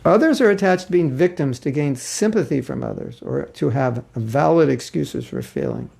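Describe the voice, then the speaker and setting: A man with a slightly high, gravelly voice teaches a spiritual class in a loose, conversational way. He chuckles often and slips into little acted voices when quoting people. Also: sing-song, normal speed, darkish tone. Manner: informal, chuckling, acts out quoted voices.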